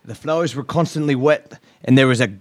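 A man's voice: medium pitch, fairly quick, a little mellow, lightly acted. A man voicing a miffed female customer in a put-on accent, somewhere between British and Australian. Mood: prim. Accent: mock British-Australian, put on.

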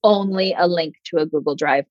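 A woman's voice: fairly low pitch, a little fast, no room sound, muffled recording. A woman talking as a podcast guest and PR coach, casual and sarcastic, acting out quotes in other voices. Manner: animated, sarcastic, acts out quotes.

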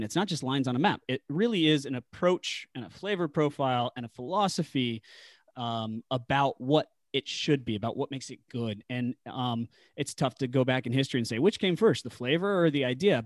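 A man talking through his points in a loose, conversational podcast manner, pausing on fillers as he explains. His voice sits at an ordinary middle pitch. The sound is dry and close. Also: dry recording. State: married. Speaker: podcast guest, whisky enthusiast. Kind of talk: casual podcast chat.

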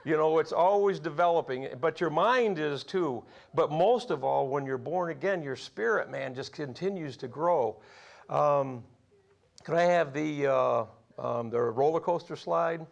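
A man's voice: a little high, a little slow, vocal fry, muffled recording. A man over forty preaching a sermon, telling folksy personal stories and laughing at his own tales. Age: 40s or older.

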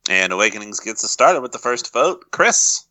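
A man's voice: on the low side, very animated, normal speed, bright, forceful tone, no room sound. A man hosting a podcast who moves things along casually with a light, self-deprecating manner. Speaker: podcast host. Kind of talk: casual moderating.

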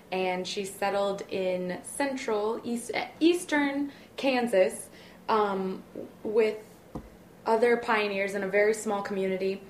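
A woman, a playwright and actor, telling a childhood ghost story in casual chat in a measured way. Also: medium pitch. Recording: roomy with faint background noise.

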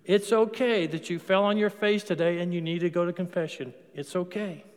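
A man with a notably high voice preaches a sermon as a priest. He keeps it conversational, asking the congregation questions and answering them himself. His words ring out with a long reverb, as in a large church. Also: fairly even intonation, a little fast. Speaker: Catholic priest.

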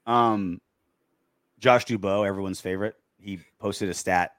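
A man's voice: on the low side, fairly even intonation, measured pace, no room sound, studio quality. A man co-hosting a casual post-game sports show, sarcastic and reading out listener comments. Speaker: podcast co-host.

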